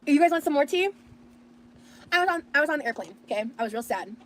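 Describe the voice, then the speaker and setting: A woman telling a story in a chatty, animated way, full of fillers. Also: high-pitched, fast talker, a little hiss or hum. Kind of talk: casual storytelling.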